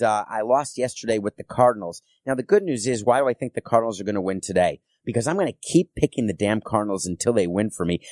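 A middle-aged man hosting a solo sports podcast, telling stories in a chatty way with quick asides. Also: fairly low pitch, a little mellow, no room sound, studio quality.

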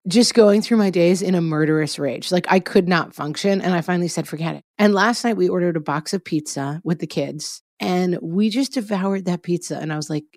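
A middle-aged woman co-hosting a podcast in casual chat, telling stories in an animated, self-mocking way. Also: fairly low pitch, a little fast, few pauses, no room sound, clean studio sound. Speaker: podcast co-host.

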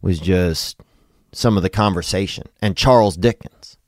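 A man's voice: deep voice, measured pace, no echo, studio quality. A man from Louisiana, hosting a podcast in a rambling, profane, comedic monologue. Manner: rambling, profane, drawling asides. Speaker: podcast host.

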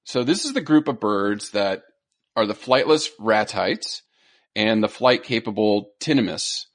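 A man's voice: on the low side, lively intonation, measured pace. A man co-hosting a nature podcast in casual chat, teasing his co-host and retelling stories with put-on voices.

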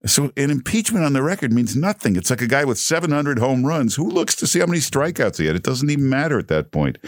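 A man's voice: medium pitch, dry recording, clean studio sound. A man guest-hosting a political talk radio show, delivering an emphatic, repetitive monologue full of filler sounds.

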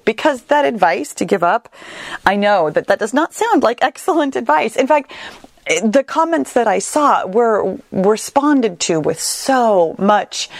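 A woman hosting her own coaching podcast, speaking to listeners in an earnest, caring tone. Her pitch moves a lot as she talks. The sound is dry and close. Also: expressive, measured pace, no room sound. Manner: earnest, reassuring, conversational. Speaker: weight-loss coach, podcast host. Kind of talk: solo podcast monologue.

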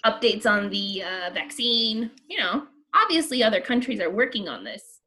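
A woman co-hosting a podcast, chatty and animated, swearing freely with plenty of fillers. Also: mid-range voice, normal speed. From United States. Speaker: podcast co-host. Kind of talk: casual chat.

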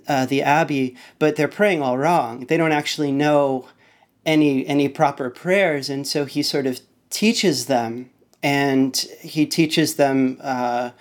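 A man with a mid-pitched voice joins a podcast as a guest. He retells a story in a loose, halting way, stopping often to restart his sentences. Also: steady tone. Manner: rambling and hesitant, with many restarts. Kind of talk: casual conversation, retelling a story.

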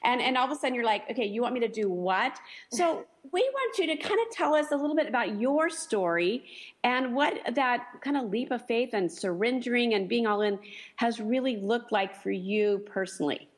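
A woman hosting a casual radio talk show, chatty and quick to laugh. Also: a little high, animated. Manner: chatty, warm, laughs easily.

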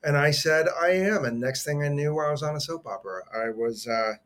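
A man's voice: medium pitch, a little fast, fairly bright tone. A middle-aged man, an actor guest on a podcast, telling personal stories in an earnest, heartfelt way with many restarts. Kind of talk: conversational storytelling.

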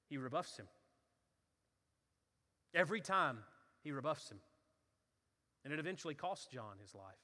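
A man's voice: on the high side, pushed and bright. A man preaching a sermon, telling the story with acted-out voices and building to fervent intensity. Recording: reverberant hall.

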